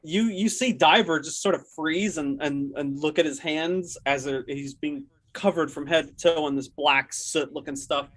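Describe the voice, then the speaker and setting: A man running a tabletop horror game as game master, talking casually with many pauses and fillers. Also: a little high, fairly bright tone, rough recording. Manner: casual, halting, lots of fillers.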